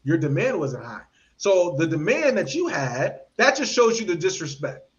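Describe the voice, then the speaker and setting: This podcast host speaks at a moderate pace in a voice on the high side, and the audio sounds dull. Recorded on a podcast mic, he offers opinionated, animated commentary and performs the voices of those he quotes.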